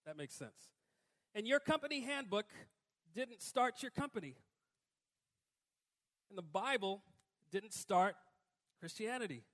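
Male pastor, high voice, chatty sermon delivery with emphatic peaks. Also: animated, a little slow, pauses often, a bit bright. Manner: conversational preaching, rising to emphatic outbursts.

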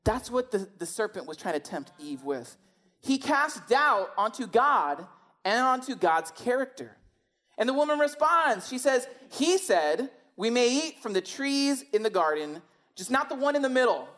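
A woman's voice: a little high, sing-song, moderate pace, fairly bright tone. A woman preaching a sermon in a conversational, emphatic way, often asking rhetorical questions.

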